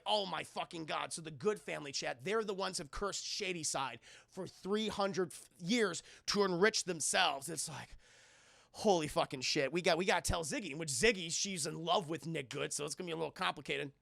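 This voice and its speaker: A man hosting a live stream, retelling a film scene by scene in an animated, rambling way. His voice is high, bright and very gravelly. He swears freely and keeps calling out to his chat. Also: no echo, clean studio sound. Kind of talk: casual live-stream recap.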